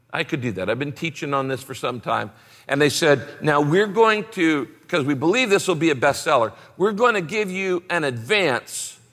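A man's voice: a little high, sharp tone. A male pastor telling a personal story in a sermon, acting out his conversations with God in different voices. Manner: acts out dialogue with God in shifting voices. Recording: long reverb of a large hall.

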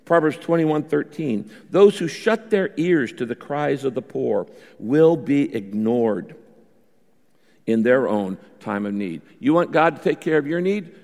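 A man's voice: medium pitch, animated, unhurried, gravelly, darkish tone, in a large hall. A male pastor preaching a sermon in a conversational way, repeating his key points.

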